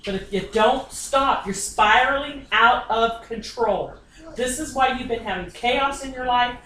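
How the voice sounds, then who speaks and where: With a sharp tone and a fairly high voice, a woman medium speaks at a measured pace during a home reading. She's blunt and persistent and swears a lot. The sound is echoey, with a distant mic and faint ambience.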